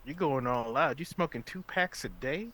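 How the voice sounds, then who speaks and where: A man's voice: mid-range voice, expressive, normal speed, a bit bright. A young man co-hosting a podcast, teasing his friend in casual, amused chat. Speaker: podcast co-host.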